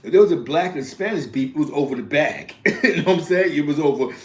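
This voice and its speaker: A man from East Harlem with a New York accent speaks fast and expressively in a fairly bright, somewhat high voice, recorded in an echoey room. He tells rambling street stories in casual slang, often capping lines with "you know what I'm saying" and a laugh.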